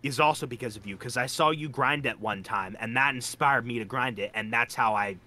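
A man's voice: medium pitch, fairly quick, sharp tone. A young man chatting casually while showing his game bases, joking in a playful, hyped-up way. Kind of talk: casual gaming chat.

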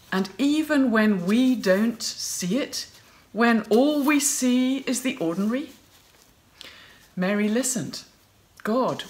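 A woman preaching a sermon in an expressive way, playfully acting out voices as she tells the story. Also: medium pitch.

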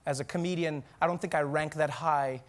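A man from South Africa performing a stand-up comedy set on stage, animated and acting out little voices. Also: a little high, fairly quick. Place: theater stage before a live audience.

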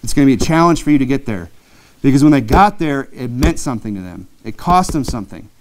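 A man from Michigan preaching a sermon, animated, with many asides and acted-out quotes. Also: mid-range voice, quick pace. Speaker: pastor.

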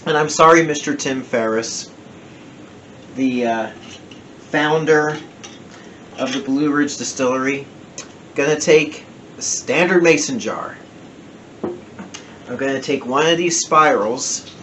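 A man's voice: medium pitch, slow pace, pauses often, fairly bright tone, a little hiss or hum. A man with a New Jersey accent chatting casually through a home whiskey review, rambling and correcting himself as he goes. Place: home den.

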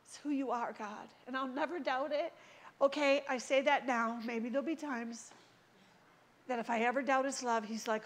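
A woman preaching a sermon in a church, telling stories with animated acted-out voices. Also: high voice, normal speed. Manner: animated storytelling, acts out quoted voices.

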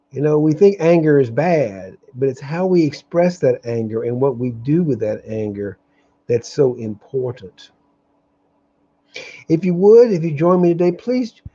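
Man, earnest halting live-stream talk, slightly high voice, muffled lo-fi audio. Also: mellow. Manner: earnest, openly angry, halting with restarts. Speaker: host of a daily live meditation stream.

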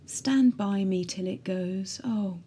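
A woman voicing a frail young Irish soldier in pain, who speaks in a soft, weak, whispery voice. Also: medium pitch, slow, breathy edge.

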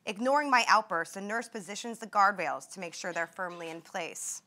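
A young woman reads passages from her memoir to an audience, with a measured, vivid delivery. Her voice is bright and forward, and her pitch sits in an ordinary middle range. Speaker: author and former patient. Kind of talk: reading from her memoir at a talk.

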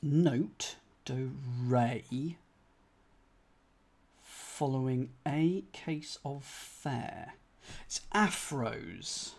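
An unhurried man works through a cryptic crossword on a live stream, thinking aloud as he goes. He spells answers letter by letter and asks his chat for help. His voice sits in an ordinary middle register. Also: medium pitch, animated, gravelly, a little mellow.

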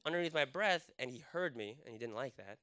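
Young man, casual storytelling, animated, lots of likes and restarts. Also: medium pitch, fast talker, reverberant. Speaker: speaker telling a personal story. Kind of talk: storytelling talk.

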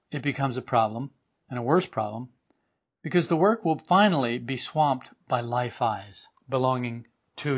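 A man giving an informal spiritual talk to a group, animated and emphatic, driving points home by repetition. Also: medium pitch, husky. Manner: animated, acts out quoted voices, emphatic repetition. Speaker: spiritual teacher. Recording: dull lo-fi recording.

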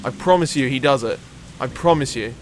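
Young man, let's play commentary, excitable, faint background noise. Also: mid-range voice, a little fast. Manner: excitable, swears and laughs often. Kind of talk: casual gameplay commentary.

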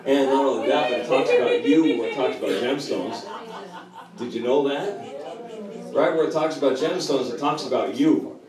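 A man giving an animated spoken testimony, chuckling and expressive as he tells his story to a gathering. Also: mid-range voice, normal speed, crowd noise. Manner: chuckling, expressive, often laughing while telling. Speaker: guest speaker giving a testimony. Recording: echoey hall from far off, audience noise.

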